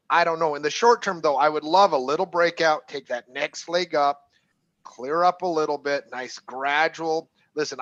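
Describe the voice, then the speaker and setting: A man's voice: on the high side, dry recording. A man, a trading coach, giving loose, rambling market commentary. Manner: relaxed, rambling, laughs easily. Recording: dry lo-fi sound.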